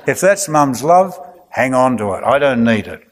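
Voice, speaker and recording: A sulky, indignant little child, put on by a man telling a story, speaks a touch higher and louder, sarcastic and put out. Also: lively intonation, moderate pace, close to an everyday voice.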